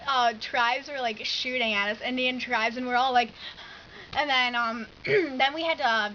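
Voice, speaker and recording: A woman's voice: high-pitched, moderate pace, lo-fi sound, slight background noise. Chatty teenage girl vlogging. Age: teens. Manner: chatty, animated, lots of "like". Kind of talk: casual storytelling vlog.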